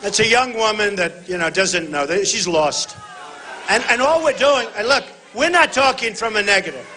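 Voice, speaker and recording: A man giving a campaign rally speech on a stage microphone in a large venue. He speaks emphatically in short repeated phrases, often shouting to the crowd and calling them folks. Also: sits high, expressive, normal speed, a little hiss or hum, poor audio. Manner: talks directly to the audience, addressing them as folks. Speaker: political candidate speaking at a rally.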